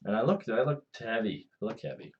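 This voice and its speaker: A man co-hosting a casual live stream, joking and riffing quickly. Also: fairly low pitch, expressive, darkish tone, muffled recording. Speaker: co-host.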